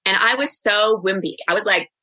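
A woman in her forties, a guest coach on a podcast interview, telling her own story in an open, reflective way with quick asides. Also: medium pitch, sharp tone, no room sound.

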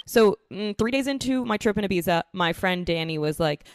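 A woman's voice: lowish voice, brisk, hardly any pauses, clean tone, no room sound, clean studio sound. A young woman hosting a podcast, chatting casually from her living room and laughing often as she tells stories. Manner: animated storyteller, laughs often. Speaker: true crime podcast host. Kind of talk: casual chat. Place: apartment living room at home.

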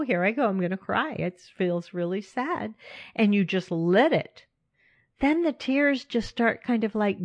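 A woman's voice: mid-range voice, no echo. A middle-aged woman hosting a casual self-help talk, speaking candidly and with animation, often laughing and addressing her listeners directly. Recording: dry, slightly muffled recording.

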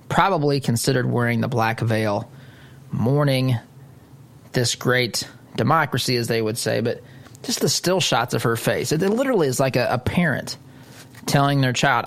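A man's voice: mid-range voice, creaky, a bit bright. Indignant male talk radio host. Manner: indignant, sarcastic commentary. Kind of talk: political talk radio monologue.

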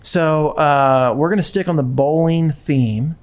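A woman's voice: deep voice, a little slow, a little mellow. A woman hosting a podcast, chatting casually in a rambling, self-deprecating way. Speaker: podcast host. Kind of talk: casual chat.

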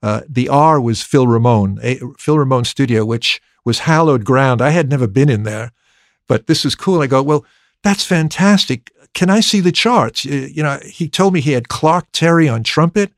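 A man's voice: medium pitch, moderate pace, no room sound, studio quality. A man, a record producer, telling a long anecdote in conversation, acting out remembered dialogue with frequent restarts and repeated words. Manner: lively, acts out remembered dialogue.

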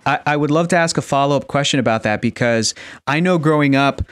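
A man hosting an interview, his voice dry and close to the mic at a middle pitch. He asks eager, explanatory questions in a conversational way. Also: fast talker, a bit bright, clean tone, dry recording. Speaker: podcast co-host. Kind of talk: casual interview chat.

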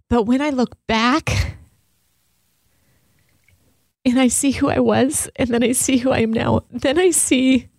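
A woman's voice: mid-range voice, darkish tone, no echo, studio quality. A woman co-hosting a Christian talk show, sharing candidly and with emotion about her own faith. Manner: candid and emotional, with fillers like "like" and "you know". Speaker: christian podcast co-host. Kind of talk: heartfelt personal sharing.

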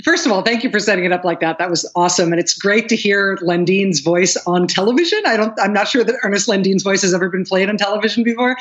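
A woman podcast host, a guest on a news show, talking enthusiastically and fast over a remote link. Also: medium pitch, lo-fi sound. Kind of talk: interview conversation.

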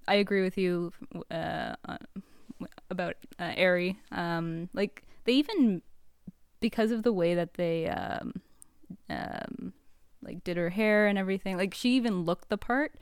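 A woman's voice: on the low side, measured pace, vocal fry, smooth, dry recording, studio quality. A woman co-hosting a podcast, chatting casually with many fillers and easy laughs. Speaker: podcast co-host. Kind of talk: casual chat.

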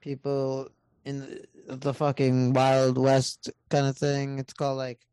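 A man who is a podcast guest in casual chat, talking haltingly with many fillers and some swearing. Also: mid-range voice, completely flat delivery, dark tone, clean tone, dry recording. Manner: halting, filler-heavy, profane.

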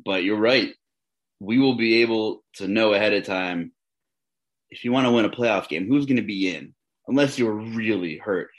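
A man with a fairly low voice co-hosts a fantasy basketball podcast. He banters in a loose, joking way and often slips into sarcasm. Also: normal speed. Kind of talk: casual sports podcast chat.

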